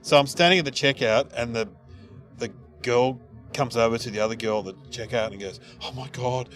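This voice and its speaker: A man's voice: brisk, soft background music. A middle-aged man hosting a casual comedy chat, telling stories and jumping into voices for the people he quotes. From Australia. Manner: animated storyteller, jumps into high-pitched voices for quoted people. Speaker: podcast host.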